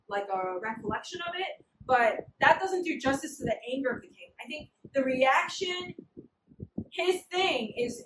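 High-voiced slangy woman preaching. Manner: slangy, animated storytelling. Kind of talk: casual sermon. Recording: roomy, distant, noisy hall.

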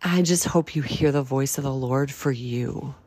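A woman's voice: a bass voice, moderate pace, a little mellow. A woman hosting a casual devotional podcast, rambling and earnest with folksy slang. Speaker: podcast host.

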